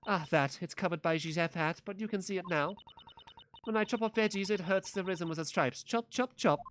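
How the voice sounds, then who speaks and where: A man's voice: high voice, fairly quick, a little hiss or hum, lightly acted. A man voicing a boastful female ship's cook with an exaggerated, drifting put-on Italian accent. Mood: breezy. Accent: put-on Italian drifting toward German. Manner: hammy, exaggerated. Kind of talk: reading game dialogue aloud.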